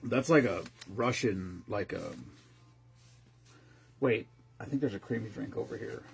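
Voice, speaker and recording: A man's voice: on the low side, unhurried, gravelly. A man in his fifties chatting casually as a host, rambling and swearing, with lots of restarts. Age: 50s. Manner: rambling and profane, with frequent restarts. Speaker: streamer host. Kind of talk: casual chat.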